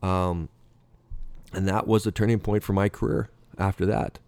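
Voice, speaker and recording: Deep-voiced man telling a rambling story. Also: little pitch movement, normal speed, darkish tone, clean tone, no echo. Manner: rambling, acts out dialogue, self-interrupting. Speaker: former pro baseball player. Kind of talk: anecdotal storytelling.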